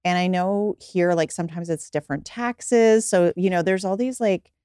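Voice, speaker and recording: A woman's voice: fairly low pitch, normal speed, dark tone, smooth, no echo, studio quality. A woman hosting a casual podcast chat, asking questions with easy curiosity. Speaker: podcast host.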